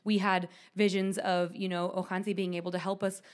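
A woman in her thirties co-hosting a podcast, telling a story animatedly with lots of "like" fillers. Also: medium pitch. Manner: animated, quick, many "like" fillers. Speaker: podcast co-host. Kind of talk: casual storytelling chat.

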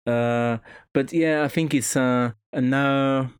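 Podcast guest, male, French accent, halting casual chat, dry close sound. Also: mid-range voice, steady tone, clean tone, dry recording. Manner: hesitant, many fillers and restarts.

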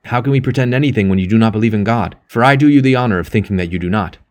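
A man's voice: fairly low pitch, lively intonation, brisk, a little mellow. A man voicing an earnest elder priest. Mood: urgent, pleading. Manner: earnest, pressing. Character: earnest elder male priest, firm in faith. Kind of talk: audiobook character reading.

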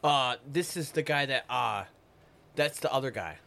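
A podcast guest with a medium-pitched, pushed and bright voice showing vocal fry spins a long, profane, rambling story at normal speed during a casual chat. He retells events by voicing the people involved.

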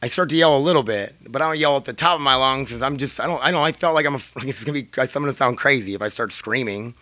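A man's voice: mid-range voice, fast talker, bright, forceful tone, no room sound. A man casually telling viewers a rambling, profane story, laughing often, his throat a little scratchy.

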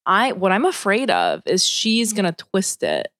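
A woman's voice: medium pitch, a little slow, dry recording, studio quality. A woman co-hosting a podcast in casual chat, telling stories expressively and mimicking people she talks about. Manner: expressive storyteller, mimics others in voices. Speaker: podcast co-host.

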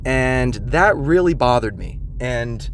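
A man's voice: medium pitch, expressive, takes it slowly, slight background noise. A man in his late twenties telling a rambling, profane, self-deprecating comic story in a casual monologue. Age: 20s.

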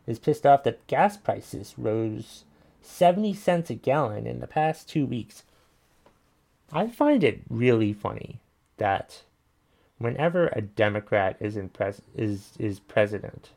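Gravelly-voiced man ranting. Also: mid-range voice, animated, slow, a little mellow. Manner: blunt, swearing, frustrated ranting. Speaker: podcast host reading listener messages. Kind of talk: casual ranting commentary.

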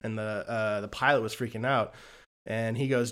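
A man's voice: on the low side, normal speed, clean tone. A man co-hosting a podcast, retelling a film in a casual chat and acting out the quoted lines. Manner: animated storytelling with quoted lines. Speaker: podcast co-host reviewing films.

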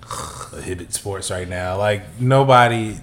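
A man co-hosting a casual podcast, laid-back and quick to laugh. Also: sits low, fairly bright tone. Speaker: podcast co-host. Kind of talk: casual chat.

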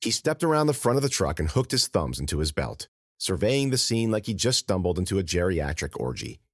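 Expressive male audiobook narrator. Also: low-pitched, a little fast, husky, no echo. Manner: expressive, animated reading.

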